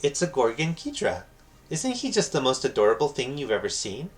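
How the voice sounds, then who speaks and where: A man voicing a gentle, naive young woman in a soft, gushing tone. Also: medium pitch, very animated, a little fast, faint music behind, natural voice.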